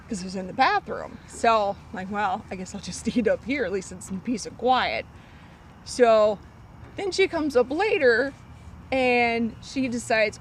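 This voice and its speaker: A woman tells a long story from her cleaning job in a lively, sing-song voice that swoops high and low. Her pitch sits a little high, and she slips into a squeaky child's voice for the girl's lines. Faint street noise runs underneath. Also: measured pace, poor audio. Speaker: storyteller guest on a vlog. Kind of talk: casual storytelling.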